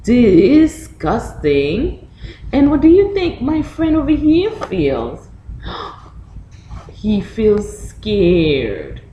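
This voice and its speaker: A woman's voice: a little high, very slow, echoey room, lo-fi sound, a little hiss or hum. A woman reading a picture book to young children, asking them questions and acting out reactions. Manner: animated, questioning, acts out reactions. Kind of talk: storytime lesson for young children.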